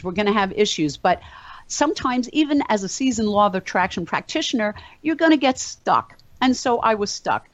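A woman speaks as a motivational speaker to a small group, telling animated stories with plenty of ums and uhs. The recording sounds dull and lo-fi, with a dry, close sound. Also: mid-range voice, no echo. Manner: animated storytelling with fillers. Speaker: motivational speaker and meetup organizer. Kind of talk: casual talk to a group.

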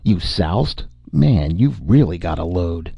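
A man voicing a burly, blunt middle-aged farmer who talks in a drawling, gruff way. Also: low voice, very animated, takes it slowly, warm tone, no echo, dull audio, heavily acted.

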